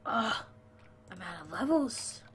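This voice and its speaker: A woman's voice: medium pitch, expressive, slow pace, a bit bright, slight background noise. Playful woman chatting on a game stream. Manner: playful, chatty, greets viewers and jokes with them. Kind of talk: casual live-stream chat while gaming.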